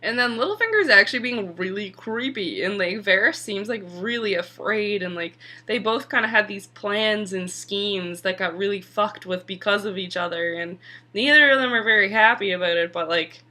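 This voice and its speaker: A woman's voice: mid-range voice, moderate pace, bright, forceful tone. A young woman casually recapping a TV episode, chatty and full of "like" fillers, sometimes swearing. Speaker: TV episode reviewer.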